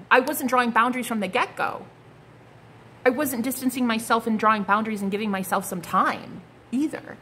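A young woman giving a casual tarot reading to her viewers, blunt and animated, swearing freely as she calls things out. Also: fairly high pitch, fairly quick, slight background noise. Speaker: psychic tarot reader.

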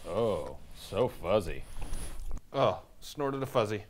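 Frank: a man voicing a deep-voiced, laid-back dog. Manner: slow, deadpan dog banter. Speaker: show host. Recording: noisy home recording.

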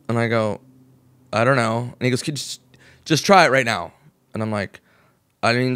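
A man's voice: medium pitch, fairly quick, pauses often, fairly bright tone, dry recording. Man, 40s, from the US, comedian guest, casual storytelling, swears a lot, acts out quotes, dry close sound. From United States. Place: podcast studio.

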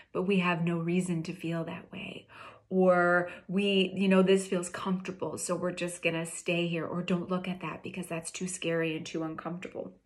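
A woman coaching listeners through an emotional release exercise, giving slow, soothing prompts and sometimes dropping to a soft whisper. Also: lowish voice.

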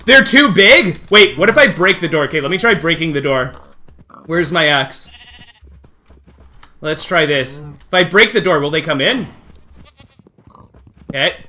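A man streaming a game live, talking excitedly to his chat and coaxing the animals along, often shouting and laughing. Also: high-pitched, a little slow, pauses often. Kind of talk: excited live gameplay commentary.

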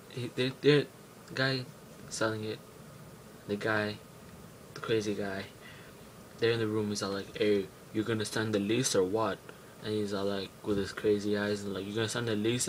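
A young man talks into a webcam for a casual vlog, rambling and cursing, and he restarts sentences constantly. His voice is low and gravelly. A faint hiss sits behind it. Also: rough recording. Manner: rambling, profane, many fillers and restarts. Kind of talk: casual vlog movie recap.

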